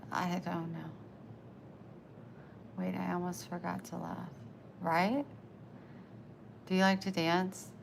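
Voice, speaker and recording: Woman livestreamer, American country twang, low gravelly voice, breathy and soft-spoken. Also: level tone, slow pace, long pauses, noisy background. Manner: soft-spoken, drifting into near-whispers. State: short of breath. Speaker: livestreamer reading chat. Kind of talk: casual live-stream chat.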